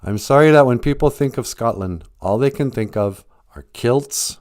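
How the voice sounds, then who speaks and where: A man's voice: mid-range voice, moderate pace, a little mellow. A man hosting a livestreamed podcast, chatting in a teasing, mock-serious way. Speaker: podcast host. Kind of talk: joking livestream chat. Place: home livestream.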